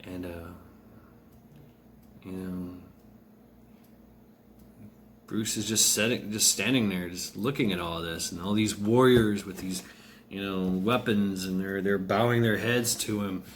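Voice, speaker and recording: Slow, rambling male storyteller. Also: deep voice, slight background noise. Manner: rambling, many fillers and restarts. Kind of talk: casual spoken storytelling.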